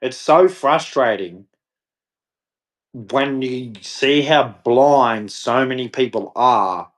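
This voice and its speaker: A man's voice: mid-range voice, slow. A man ranting to camera in a scornful, mocking, rambling way. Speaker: vlogger. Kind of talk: casual rant to camera.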